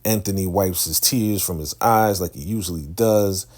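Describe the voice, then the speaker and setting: A man's voice: low-pitched, moderate pace, a little mellow. A man hosting a casual TV episode recap, retelling scenes in a loose, chatty way and acting out the characters' lines. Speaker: TV recap host.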